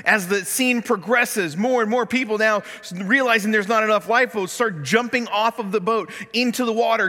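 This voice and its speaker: A man's voice: mid-range voice, pushed and bright, big-room sound. A man preaching a sermon as pastor, telling a story and acting out the voices of the people in it. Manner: storytelling, acts out voices in quotes. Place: church sanctuary.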